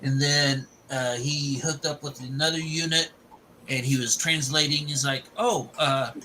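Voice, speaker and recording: A man's voice: on the high side, flat delivery, moderate pace, sharp tone, slight background noise, poor audio. A man casually retelling the plot of a film, rambling and restarting as he goes.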